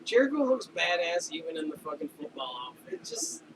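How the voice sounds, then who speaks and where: A man with a New York accent riffs on wrestling matches with a lively, swooping high voice. He laughs easily and reacts in excitable bursts. He sounds far from the mic, with clear background noise throughout. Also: brisk. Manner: laughing, excitable play-by-play remarks. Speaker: podcast co-host. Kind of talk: casual chat watching wrestling.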